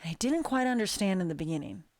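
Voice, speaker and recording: A woman recounting a frightening dream in a slow, hushed, deliberate way with long pauses. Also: medium pitch, expressive, dry recording, studio quality. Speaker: guest storyteller. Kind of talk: dramatic personal storytelling.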